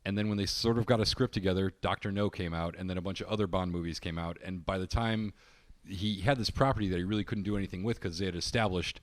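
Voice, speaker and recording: A man's voice: deep voice, fast, dry recording. A man co-hosting a film podcast, casually explaining movie history in long, rambling stretches. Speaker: podcast co-host.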